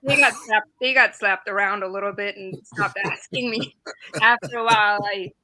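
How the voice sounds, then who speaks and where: Bright-voiced woman from East Germany. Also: medium pitch, normal speed, rough recording. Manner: storytelling, laughs often, animated. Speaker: guest, veteran. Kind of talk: casual chat on a live stream.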